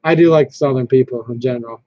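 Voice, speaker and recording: A man's voice: medium pitch, fast talker, no room sound. Rambling man hosting a casual livestream. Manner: rambling, reads viewer comments aloud, frequent restarts. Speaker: livestream host. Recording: dull lo-fi stream audio.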